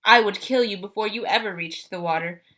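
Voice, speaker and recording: A woman's voice: medium pitch, brisk, a bit bright, close to an everyday voice. A woman voicing a menacing male monster posing as a teacher, speaking in a cold, formal, mocking way in an audiobook. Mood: taunting. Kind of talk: audiobook character voice.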